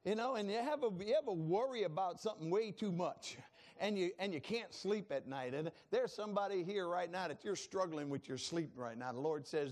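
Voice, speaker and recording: Man preaching, high voice, laughs between lines, calls on the congregation. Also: normal speed. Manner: lively, preaching with laughs and call-and-response asides. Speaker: pastor. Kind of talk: sermon.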